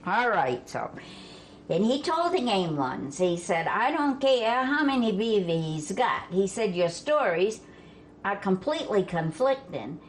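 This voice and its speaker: An older woman from Vermont telling family stories in a folksy way, laughing as she goes and dropping her voice low for the men she quotes. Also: sing-song, measured pace. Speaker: storyteller guest. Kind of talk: family storytelling. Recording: faint background noise.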